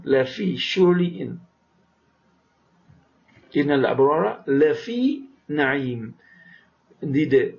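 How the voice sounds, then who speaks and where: A man teaching vocabulary, who says each word slowly twice, explains it, and often checks with "right?". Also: a little high, creaky, a little mellow. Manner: asks "right?" to check understanding. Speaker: Arabic teacher. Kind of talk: vocabulary lesson. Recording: dull lo-fi recording.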